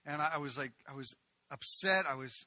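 Pastor guy preaching hard, super bright voice, dry close sound, lots of stammery restarts when he tells stories. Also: a little high, a little fast, no echo. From United States. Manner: impassioned preaching, swinging between loud proclaiming and quiet storytelling; animated storyteller with many restarts and stammers. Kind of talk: sermon.

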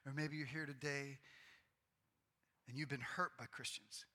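A pastor in his forties preaching a sermon to his congregation, earnest and bursting into loud, excited outbursts. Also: medium pitch, unhurried. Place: church sanctuary. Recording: long reverb of a large hall.

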